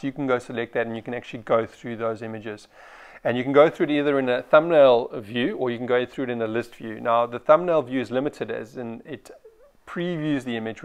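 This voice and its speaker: A man from South Africa, a photographer, talking through a product review in a casual way with frequent ums and restarts. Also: mid-range voice.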